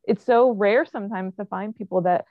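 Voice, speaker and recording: A woman's voice: medium pitch, dry recording. A woman in her thirties, a podcast guest, chatting casually and fondly with an old friend, laughing easily. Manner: lively, nostalgic, quick to laugh. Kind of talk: casual chat. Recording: dull, dry sound.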